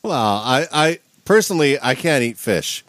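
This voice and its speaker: A man's voice: medium pitch, lively intonation, moderate pace, fairly bright tone. A man co-hosting a podcast over a video call, telling a wild story with lots of swearing and laughter. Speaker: podcast co-host. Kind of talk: casual chat, storytelling.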